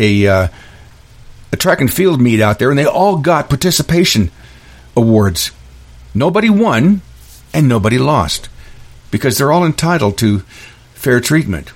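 A man hosting a solo podcast, delivering an angry ranting monologue full of restarts and repeated words. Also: medium pitch. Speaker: podcast host.

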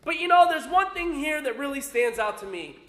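A man with a very high, light voice preaches an animated sermon, pressing his points with emphasis as a pastor. The recording has a roomy echo around him. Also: a little fast. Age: adult with young children. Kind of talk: sermon with personal storytelling.

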